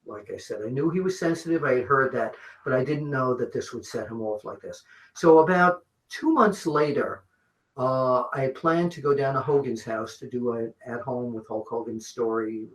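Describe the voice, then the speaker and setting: Older man telling stories in an echoey room. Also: medium pitch. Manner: animated storyteller, swears freely. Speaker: interview guest, wrestling journalist. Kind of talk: shoot interview storytelling. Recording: roomy echo.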